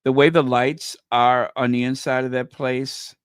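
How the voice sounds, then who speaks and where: A man hosting a channel, chatting casually in a rambling, halting way full of fillers. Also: medium pitch, flat delivery, smooth, no echo. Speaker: channel host reacting to a clip. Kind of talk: casual chat.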